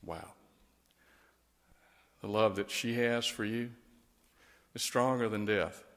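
A man's voice: fairly low pitch, takes it slowly, in a large hall. A man speaking as a pastor, giving a tender funeral eulogy and prayer. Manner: gentle and tender, rising to lively storytelling.

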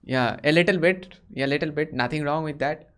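A man's voice: on the high side, fairly quick, smooth. A man from India hosting casual video chats with strangers and asking lots of short, curious questions over a video call. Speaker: host.

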